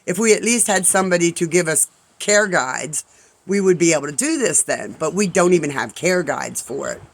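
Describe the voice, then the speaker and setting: A man in his fifties spins a casual, rambling story, full of side remarks and quoted back-and-forth. His voice sits a little high for a man. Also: animated, moderate pace, low-quality recording. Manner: rambling, full of "I'm like" and asides. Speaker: vlogger.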